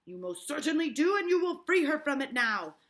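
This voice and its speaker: An angry male minister hurls threats at the accused, as a woman reading a play aloud voices him. His loud voice comes out bright and high. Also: big pitch swings, brisk. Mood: threatening.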